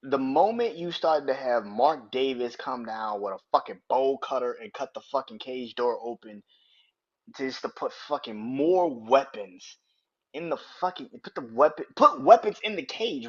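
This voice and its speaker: A man's voice: mid-range voice, expressive, moderate pace, slightly rough, dull audio. A man in his thirties hosting a podcast, ranting heatedly about wrestling with lots of profanity. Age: 30s. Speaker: podcast host. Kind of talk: casual wrestling rant.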